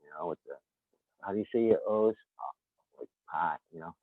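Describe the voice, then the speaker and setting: A fast-talking Boston-area man with a fairly low pitch and a Boston accent rambles and chuckles as a podcast guest, often repeating himself in casual chat. There's no room sound, though the call line is tinny and phone-like.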